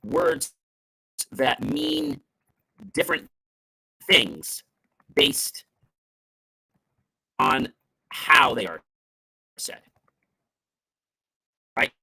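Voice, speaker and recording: A man's voice: wildly swooping pitch, very slow, gravelly, pauses often, bright, forceful tone, husky. A middle-aged man hosting a motivational talk show, speaking emphatically and playing with stress and tone to make his points. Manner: emphatic, varies stress and tone to demonstrate meaning; salesy, upbeat sign-off pitch. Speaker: host.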